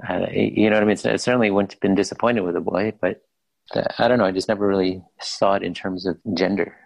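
Very low gravelly man. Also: fairly even intonation, quick pace, dry recording, rough recording. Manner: laid-back and hesitant, with restarts. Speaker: co-host. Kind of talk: casual chat.

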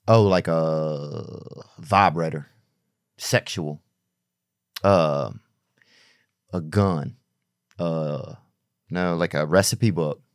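A man's voice: a bass voice, extremely slow, long pauses, no echo, clean studio sound. A man hosting a podcast, chatting casually and throwing in crude jokes. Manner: joking, crude asides. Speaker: podcast host. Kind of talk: casual chat.

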